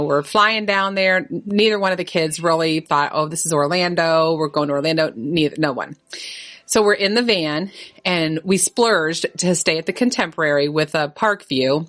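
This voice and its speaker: A woman telling a family story on a podcast, lively and laughing often, her voice jumping up high when she quotes others. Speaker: podcast guest. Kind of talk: casual storytelling.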